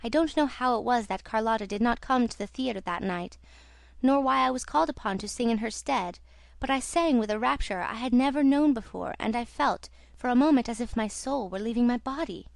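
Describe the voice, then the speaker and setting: A devoted young female singer pours out her story, read by a woman in a storybook telling. The voice sits fairly high and soft, and the recording is dry and close. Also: a little fast, vocal fry, no room sound. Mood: confiding. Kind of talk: audiobook reading.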